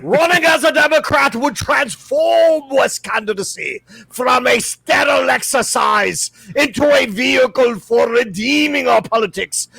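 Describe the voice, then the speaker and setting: A man doing a booming pompous aristocrat. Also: vocal fry, pushed and bright, slightly rough, full character voice. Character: pompous male aristocrat lecturing peasants.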